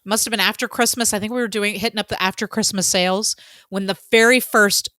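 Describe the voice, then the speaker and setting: Bright-voiced, gushing woman podcaster. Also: mid-range voice, fast talker, no room sound. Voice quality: excitable, gushing fan with many fillers. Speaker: podcast co-host. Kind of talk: casual chat.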